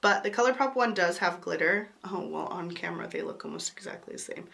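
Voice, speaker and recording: A woman's voice: fairly low pitch, lively intonation, a little fast, gravelly, fairly bright tone. A woman reviewing makeup to camera in a chatty, enthusiastic way, her voice sick from a cold. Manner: chatty and enthusiastic, apologetic asides. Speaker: beauty YouTuber. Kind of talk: casual to-camera product review.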